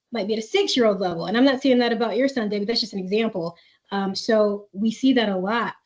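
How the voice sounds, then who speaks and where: A woman presenting a school webinar for parents, reading out their questions and giving coaching advice with many fillers. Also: medium pitch. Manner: reads parent questions aloud, then coaches warmly with filler words. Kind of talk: live webinar Q&A. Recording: dull lo-fi webinar audio.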